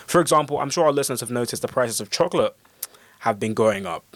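A man's voice: mid-range voice, expressive, fast, dry recording. A man co-hosting a radio chat, explaining things fluently. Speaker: radio co-host.

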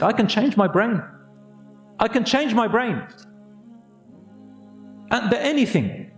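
Man preaching on the radio, earnest, kinda high voice, arabic phrases mixed in, roomy echo. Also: a little mellow. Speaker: imam giving a talk. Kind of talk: radio sermon.

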